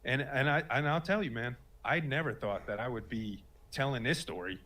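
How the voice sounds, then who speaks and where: A man in his late thirties, a guest, gives casual spoken testimony about his life, telling the story earnestly and ramblingly with many fillers and restarts. His mid-range voice is bright and forceful at a moderate pace.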